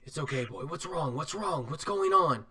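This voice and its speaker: A man voicing a calm, fatherly expedition leader who speaks softly and reassuringly. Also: fairly high pitch, moderate pace.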